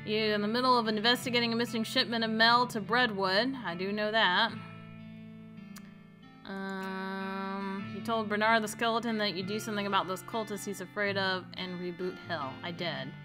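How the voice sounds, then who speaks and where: A woman's voice: medium pitch, steady tone, normal speed, over music. A woman streamer playing a comedy western game, reading the text aloud with playful, amused asides.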